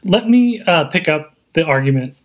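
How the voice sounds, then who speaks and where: A man co-hosting a podcast, taking up the counterargument in a measured, polite way during a casual debate. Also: on the high side, expressive, slight background noise. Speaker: podcast co-host.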